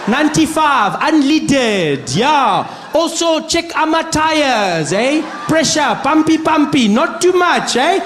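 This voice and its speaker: Bossy white South African driver done by a man, shouty, high, talking down. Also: roomy sound, slight background noise, heavily acted. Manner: loud, slow, condescending.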